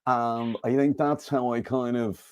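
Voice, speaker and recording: A man's voice: medium pitch, fairly even intonation, measured pace, clear, resonant tone, no room sound. A middle-aged man, a comedian guest chatting casually and animatedly. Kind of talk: casual interview chat.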